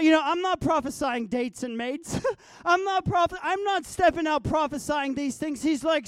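High-voiced guy telling his vision stories, goes quiet then loud, dry close sound. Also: measured pace, smooth, dry recording. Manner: animated, swinging from hushed to loud. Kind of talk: storytelling about dreams and visions.

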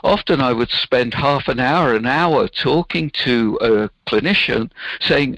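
A man's voice: mid-range voice, a little slow, a bit bright, no room sound, low-quality recording. A man, a business founder answering interview questions in an earnest, explaining way.

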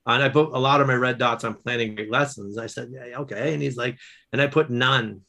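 A man, a guest author and educator, telling stories in casual conversation, animated, with quick restarts. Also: mid-range voice, creaky. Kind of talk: casual storytelling.

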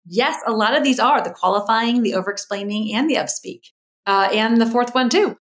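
A middle-aged woman, a guest expert on a podcast, explaining communication habits in a lively way and acting out quoted voices. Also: fairly high pitch, brisk. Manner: animated, acts out quoted voices, explains in lists. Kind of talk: podcast interview.

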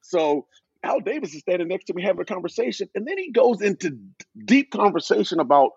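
A middle-aged man who once played pro football tells stories in a podcast interview, talking quickly in a creaky, husky voice. He's an animated storyteller who acts out quoted exchanges in a higher voice. The audio is dull, with no room sound.

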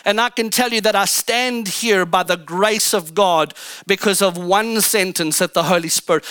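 A man's voice: high-pitched, pushed and bright, clean tone, no echo. A man preaching a sermon as pastor, telling a personal story in a fervent, emphatic way with lots of repetition. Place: church stage.

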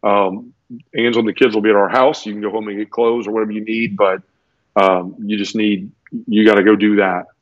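This interview guest has a fairly low voice with little pitch movement and talks a bit fast. Teary and earnest, he tells a personal story while often repeating words and restarting sentences, recorded with dull, lo-fi, dry sound.

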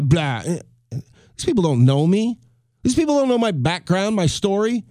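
A man's voice: a little high, sing-song, normal speed, darkish tone, dry recording, clean studio sound. A man hosting a solo podcast, ranting with heavy swearing, repeating himself and restarting his sentences. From United States. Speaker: podcast host.

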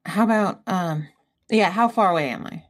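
A woman's voice: on the low side, normal speed. A woman playing a tabletop game who asks a lot of questions and talks casually, often restarting her sentences. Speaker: player.

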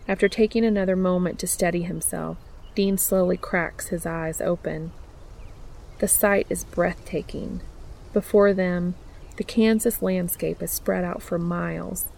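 A woman narrating a fan fiction story aloud in a soft, intimate way. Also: lowish voice, creaky, a little hiss or hum. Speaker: reader of a fan fiction audiobook.

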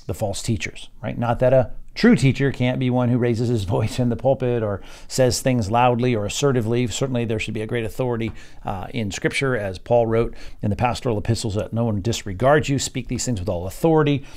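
A man teaches an evening Bible study, reading verses aloud and then explaining them in an unhurried, searching way. His voice sits at an ordinary middle pitch for a man. He thinks aloud, often pausing on fillers and restarting his words. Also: a little mellow.

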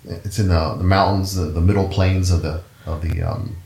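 A middle-aged man with a notably low voice tells his story as an interview guest. He rambles easily and corrects himself mid-sentence. The room around him sounds echoey. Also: fairly even intonation, moderate pace, creaky, darkish tone. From United States. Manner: rambling, self-correcting, easygoing. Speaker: guest, orchestral musician. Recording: roomy echo.

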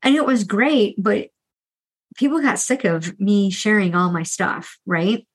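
A middle-aged woman and financial coach, talking candidly and earnestly about her own past with debt, restarting often and tossing in quick asides. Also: mid-range voice, breathy edge, rough recording. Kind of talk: candid solo podcast monologue.

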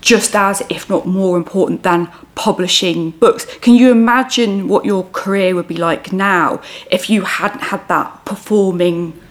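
A woman interviewer with a mid-range voice reads a smooth, prepared introduction before turning to her guest with questions. Her delivery is steady and even. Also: medium pitch, a little slow, few pauses. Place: hotel book room, indoors.

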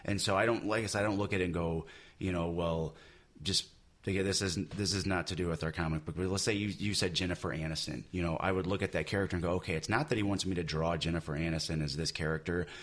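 Brief: deep-voiced male artist, loose conversational ramble, lots of "you know.". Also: fairly even intonation, fast talker, a bit bright. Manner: rambling, many you-knows and restarts. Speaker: comic book artist. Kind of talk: casual podcast chat.

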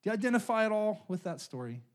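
Middle-aged guy pastor preaching, chatty storytelling, voice bounces up and down a lot, pitched a bit high. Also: very animated, fast talker. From California. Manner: casual, conversational storytelling with frequent "right?". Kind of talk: sermon.

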